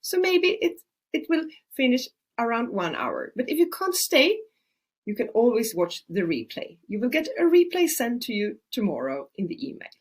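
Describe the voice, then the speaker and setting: Hosting a relaxed webinar, a middle-aged Ayurvedic practitioner from Sweden, Swedish by birth, talks chattily with many fillers. She has a fairly high, very animated voice and keeps a moderate pace.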